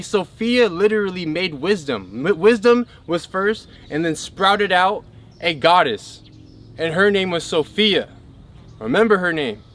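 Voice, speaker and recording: High-voiced man giving an emphatic spiritual talk. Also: fairly bright tone. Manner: emphatic, keeps checking in with the listener. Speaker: spiritual teacher.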